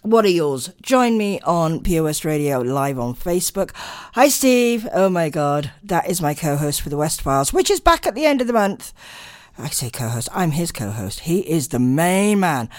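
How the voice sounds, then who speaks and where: Woman, radio host, late-night chat, tired, rambling, lowish voice. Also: big pitch swings, normal speed, a little mellow, no echo, clean studio sound. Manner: rambling, chatty, with many ums.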